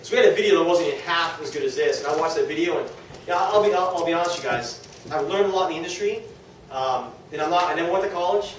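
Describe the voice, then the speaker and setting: A man giving an enthusiastic testimonial talk to a small audience at a business meeting, quoting others in quick lively asides. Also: on the high side. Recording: very echoey room, distant mic, faint noise.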